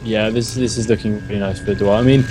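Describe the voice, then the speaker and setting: A man co-casting a live game, measured and analytical, prone to laughing. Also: fairly low pitch, steady tone, over music. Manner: measured, analytical, breaks into giggles. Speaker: esports co-caster.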